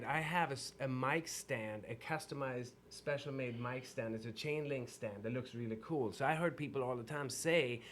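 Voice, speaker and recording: A man from Sweden with a Swedish accent, a guest telling stories in a casual interview in an animated way. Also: mid-range voice, slight background noise. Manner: animated storyteller with restarts.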